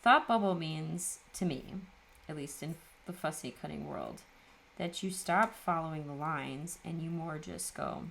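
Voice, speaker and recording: Gravelly-voiced woman chatting while crafting. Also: low-pitched, measured pace, fairly bright tone, slight background noise. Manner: chatty, self-mocking, laughs often. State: tired. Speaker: papercraft video host. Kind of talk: casual chat while crafting.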